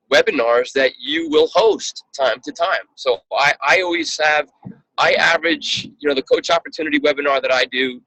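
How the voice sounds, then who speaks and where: Bright-voiced man giving earnest coaching advice. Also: mid-range voice, no room sound, poor audio. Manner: earnest, repeats words and restarts sentences. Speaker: business coach mentoring a team member.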